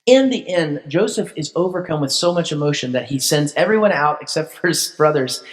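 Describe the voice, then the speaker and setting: Casual, joking pastor in an echoing hall. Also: male voice, on the high side, expressive, fairly quick. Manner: informal, joking, acts out characters. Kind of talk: conversational sermon storytelling. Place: church hall. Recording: long church-hall reverb.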